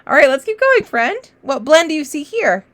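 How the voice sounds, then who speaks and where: A woman teacher giving a children's phonics lesson, encouraging and sounding out letters slowly. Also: high voice, sing-song, a bit bright.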